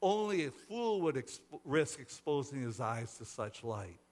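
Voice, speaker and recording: A man voicing frightened, angry cave dwellers, shouting in a shrill, raised pitch. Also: big pitch swings, unhurried. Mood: panicked.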